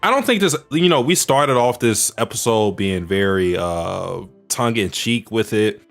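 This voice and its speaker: Lively low-voiced podcast man. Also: vocal fry, faint music behind. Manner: joking, rambling, quick to laugh. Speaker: podcast co-host. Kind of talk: casual podcast chat.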